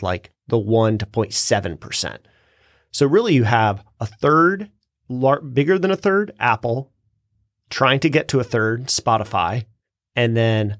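A man's voice: mid-range voice, no echo, studio quality. A man co-hosting a podcast, explaining things step by step in casual chat and laughing easily. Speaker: podcast co-host.

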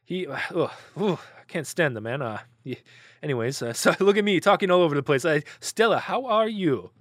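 Man plays chatty male celebrity trainer; flustered, self-interrupting, slightly high register, dry sound. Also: animated, brisk, a bit bright, no echo. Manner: rambling, apologetic, self-interrupting.

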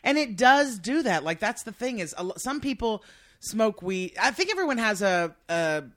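High-pitched guy chatting on a podcast, telling stories, doing little voices. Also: normal speed, no room sound, studio quality. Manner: lively storyteller, mimics voices. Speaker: podcast co-host. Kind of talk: casual chat.

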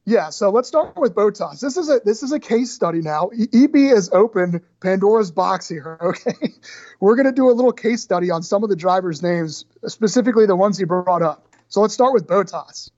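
A man's voice: sits high, animated, brisk, darkish tone, dry recording, dull audio. An American man co-hosting a podcast, chatting casually and playfully. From United States. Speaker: podcast co-host. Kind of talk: casual chat.

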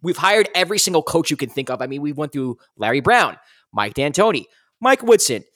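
Lively ranting podcast host, a man. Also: on the high side, a little fast, dry recording, studio quality. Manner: animated, ranting, exasperated fan. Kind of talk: casual sports chat.

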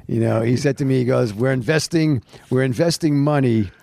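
A man telling a long story as a podcast guest, animated and full of restarts, recorded in a studio late at night. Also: medium pitch, moderate pace, creaky, dry recording. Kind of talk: casual storytelling.

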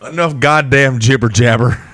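A man's voice: mid-range voice, normal speed, a bit bright, dry recording. A man hosting a podcast in casual, joking banter with his co-hosts. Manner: loose, joking, swears casually. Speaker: podcast host.

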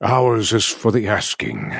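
A man's voice: on the low side, huge pitch swings, slow pace, creaky, fairly bright tone, slightly rough, no room sound, clean studio sound, heavily acted. A man voicing a menacing male robot warlord commander in a theatrical, commanding way.

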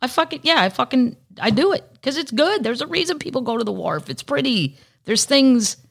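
A woman's voice: sits high, sing-song, a little fast, gravelly, slightly rough. Chatty, profane woman podcast host. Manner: chatty, profane, rambling, with sudden soft whispered asides. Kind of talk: casual solo podcast chat.

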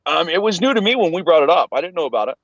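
Man, podcast co-host, lively pitch, dry slightly dull sound, casual banter, laughs a lot, video call. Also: very fast, husky, no room sound. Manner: laid-back, laughs often, says bro a lot. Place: inside a car.

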